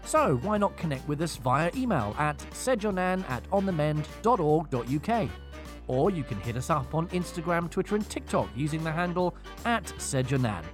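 Brief: male co-host, a touch high, lively intonation. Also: normal speed, faint music behind. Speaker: podcast co-host. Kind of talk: casual chat, read outro.

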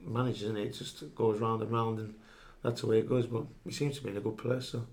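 A man's voice: on the low side, little pitch movement, a little fast, a little mellow. Laughing, sweary man telling stories. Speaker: podcast guest, former footballer. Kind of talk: casual anecdote telling.

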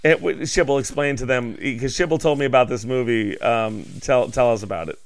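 A man's voice: mid-range voice, a little fast, vocal fry, dry recording. A man co-hosting a podcast in casual chat, cutting in with teasing banter. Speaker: podcast co-host.

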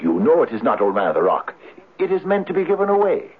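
An earnest cottager, hesitant and full of uh's. His pitch swings wildly up and down, and a husky edge comes through a thin, phone-like old broadcast. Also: wildly swooping pitch, quick pace, exaggerated voice. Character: poor Irish cottager wishing for riches. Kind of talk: 1970s radio drama acting. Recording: narrow, tinny old radio broadcast.

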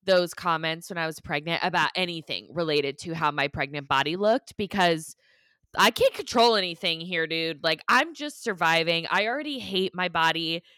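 A woman's voice: on the low side, normal speed, no room sound, clean studio sound. A young woman co-hosting a podcast, telling stories in casual chat, full of "like" and casual swearing. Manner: animated storyteller, lots of "like", swears casually. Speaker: podcast co-host.

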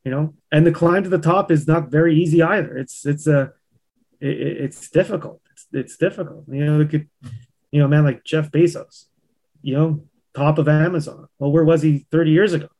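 Male business-owner guest, higher voice, frank and profane. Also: fairly even intonation, fairly quick, a little mellow. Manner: frank, profane, leans on "you know". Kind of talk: casual conversation.

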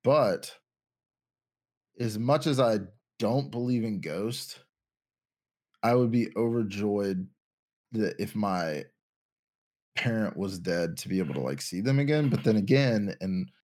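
A man's voice: lowish voice, animated, measured pace, pauses often, darkish tone. A young man co-hosting a casual podcast chat, rambling and thinking aloud with lots of restarts. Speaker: podcast co-host.

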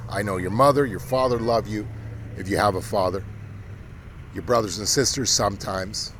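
A man with a faint Texan twang preaches hard in a mid-pitched voice, rising to loud exhortations and then dropping to hushed asides. A faint hiss sits under his voice. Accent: slight Texan. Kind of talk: impassioned political-religious monologue.

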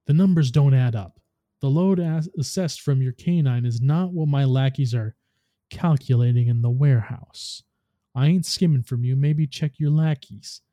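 A grumbling, demanding alien crime boss who haggles hard, as a man reads him. The voice is very dark and mellow, recorded dry and close. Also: mid-range voice, normal speed, dry recording, lightly acted. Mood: gruff.

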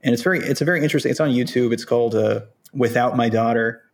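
A man's voice: mid-range voice, quick pace. Male podcast host, casual and opinionated, medium voice, thinks aloud.

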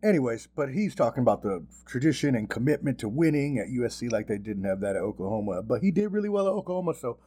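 A man hosting a podcast in casual sports chat, animated and profane, with mocking asides. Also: medium pitch, fast, few pauses. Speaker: podcast host.

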